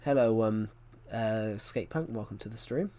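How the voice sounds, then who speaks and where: A man's voice: fairly low pitch, normal speed, warm tone, a little hiss or hum. A man livestreaming a game, telling stories in a rambling casual chat and often correcting himself mid-sentence. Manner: rambling storyteller, frequent self-corrections.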